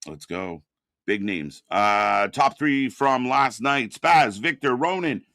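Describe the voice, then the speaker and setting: A man in a mid-range voice chats casually on a live wrestling stream. He backs up his co-host with quick agreements and explains the viewers' points game. The sound is dry and close. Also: medium pitch, animated, fairly bright tone, no room sound. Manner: agreeable, backs up co-host with short replies, runs chat points contest.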